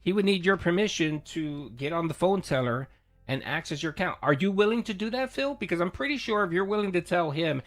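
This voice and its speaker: Animated man reacting to a clip. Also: high voice, a little fast, soft background music. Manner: animated, swears, laughs. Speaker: streamer reacting to a debate. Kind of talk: casual commentary over a clip.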